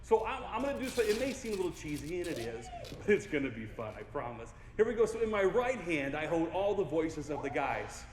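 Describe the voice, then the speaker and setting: Goofy, lively man in an echoey hall. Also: on the high side, brisk, hardly any pauses. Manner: goofy, playful, engages the crowd. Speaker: keynote speaker. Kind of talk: motivational keynote speech. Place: large hall with audience.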